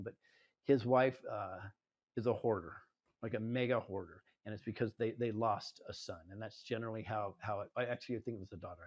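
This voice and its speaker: A man's voice: medium pitch, a little mellow. A man speaking as a guest at a live event, telling stories in a conversational way and often checking in with the audience. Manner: storytelling, conversational, asks "right?". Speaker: guest speaker, home builder. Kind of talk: anecdotal talk to a live audience. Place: indoor venue in front of an audience.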